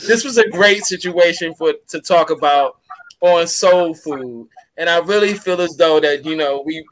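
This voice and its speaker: A man's voice: a little high, a bit bright. A man hosting a casual group chat, drawling and playful in his speech. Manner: drawling, playful, Southern Black vernacular. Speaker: host.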